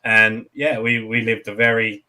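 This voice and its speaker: An English man in his forties, a guest telling his story in a relaxed, earnest way. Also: lowish voice, measured pace. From England. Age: 40s. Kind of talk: casual chat.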